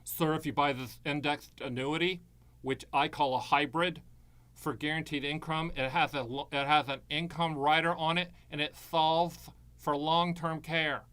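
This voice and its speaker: A man voicing a slick, pushy male annuity sales agent with a frontal lisp, as a mocking sales pitch. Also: steady tone, moderate pace, fairly bright tone, smooth, natural voice. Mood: mock salesy.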